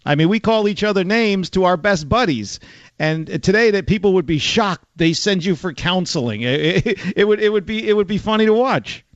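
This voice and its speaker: A man from the Bronx hosts a call-in radio show, joking and teasing his callers at a brisk clip. His voice sits slightly high and sounds dry and close, with a somewhat dulled, lo-fi quality. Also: expressive, dry recording. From the Bronx, New York. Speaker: radio talk show host.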